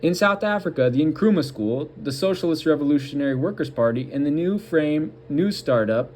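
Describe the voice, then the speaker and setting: A man with a somewhat high-pitched voice reads an article aloud on his commentary show. He stumbles and restarts now and then, and cuts in with sarcastic remarks of his own. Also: expressive, darkish tone, a little hiss or hum. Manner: reads haltingly, breaking off for mocking asides. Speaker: political commentary host.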